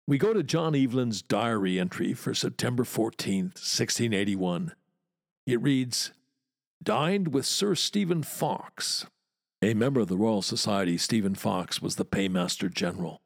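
A man's voice: fairly low pitch, moderate pace, dry recording, clean studio sound. A man hosting a history podcast, narrating in a wry, chatty storyteller's manner with playful asides. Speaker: podcast host and walking tour guide.

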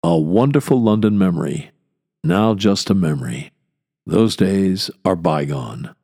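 An older man giving a measured, deliberate spoken lecture, explaining things carefully. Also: low-pitched, animated, warm tone.

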